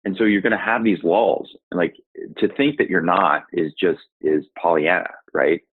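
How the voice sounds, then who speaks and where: A man's voice: low voice, fairly even intonation, moderate pace, slightly rough. A man, a guest on a group video call, giving emphatic motivational advice and repeating his points for effect. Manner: repetitive, emphatic coaching. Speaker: interview guest, startup sales coach. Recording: phone-like narrow sound.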